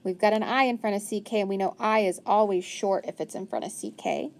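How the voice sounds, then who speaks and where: A woman's voice: mid-range voice, brisk, darkish tone. A woman teaching a phonics lesson, patiently sounding words out and praising often. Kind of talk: phonics lesson, working through a worksheet.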